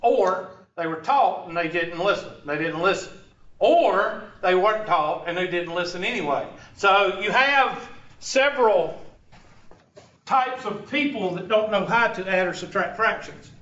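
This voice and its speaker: A man's voice: high-pitched, expressive, measured pace, fairly bright tone. A man from upstate South Carolina with a Southern accent, teaching fractions in a folksy, teasing way and tossing joking asides at his audience. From Upstate South Carolina, USA. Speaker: math teacher. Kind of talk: informal math lesson with banter. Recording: echoey room, from a distance, dull lo-fi, faint noise.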